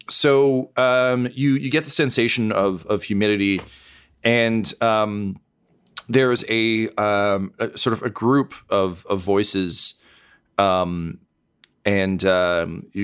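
A man's voice: lowish voice, steady tone, takes it slowly, a bit bright, clean tone. A man as game master, improvising narration with many fillers and restarts. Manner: rambling, many fillers, chuckling.

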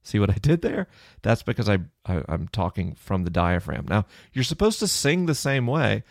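Relaxed, low-voiced male podcast host. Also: normal speed, vocal fry, no echo, studio quality. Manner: relaxed, conversational, explanatory. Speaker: podcast host answering listener questions. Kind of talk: explanatory science Q&A podcast. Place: alone in his office. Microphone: close studio microphone off to the side of the mouth.

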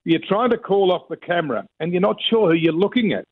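A man reports to a radio host in a relaxed chat, often stopping to search for words. His voice sits slightly high and sounds thin and tinny, as if on a phone line. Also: fast. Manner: chatty, with frequent fillers and restarts. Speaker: radio correspondent.

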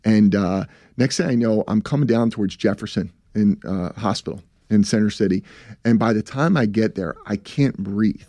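Low dark-voiced man telling a story. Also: moderate pace, no echo. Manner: rambling, repeats himself, acts out what others said. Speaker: guest, business founder. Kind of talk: casual storytelling interview.

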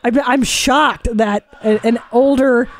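A woman's voice: a little high, fairly even intonation, slow. A woman hosting a podcast in casual chat, playful and teasing, with some swearing. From Hungarian family. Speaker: podcast host.

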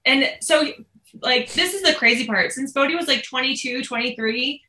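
A woman's voice: sits high, normal speed, reverberant, poor audio. A woman telling a family story in a casual chat, acting out what people said. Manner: animated, quotes herself and others.

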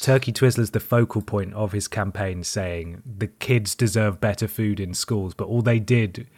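A man's voice: lowish voice, normal speed, darkish tone. A man co-hosting a casual podcast, making wry remarks and chuckling often. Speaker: podcast co-host.

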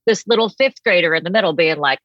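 Lowish-voiced woman with a 1940s air. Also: no room sound, highs cut off. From Boston, USA. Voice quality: old-fashioned 1940s-style voice. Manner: animated storyteller, quick to slip into voices. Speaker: comedian and podcaster, guest. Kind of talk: casual interview chat.

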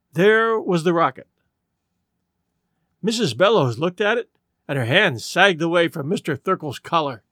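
A man reading a story aloud with an expressive, dramatic delivery. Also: high-pitched, dry recording, clean studio sound. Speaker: narrator.

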